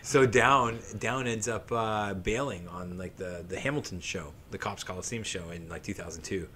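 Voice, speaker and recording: A man's voice: low-pitched, moderate pace, pushed and bright, a little hiss or hum. A man in his late thirties from southern Ontario, a guest musician telling a long story on a podcast in a rambling, profane way, full of fillers and laughter.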